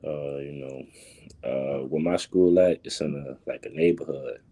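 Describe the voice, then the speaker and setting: Teen male interviewee, New Orleans accent, very low husky voice, laid-back short answers. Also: steady tone, unhurried, warm tone. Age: teens. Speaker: basketball recruit.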